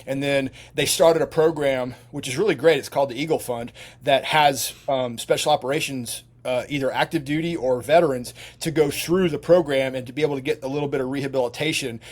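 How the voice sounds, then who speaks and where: A man's voice: mid-range voice, steady tone, a little fast, hardly any pauses. A middle-aged man, a retired soldier, telling long rambling stories as a podcast guest, with many restarts and fillers. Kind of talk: casual storytelling.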